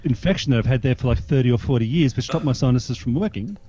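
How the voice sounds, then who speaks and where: A man's voice: medium pitch, fast talker, mellow, lo-fi sound, soft background music. An older man with an Australian accent and a nasal voice, rambling through stories in casual chat. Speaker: panelist.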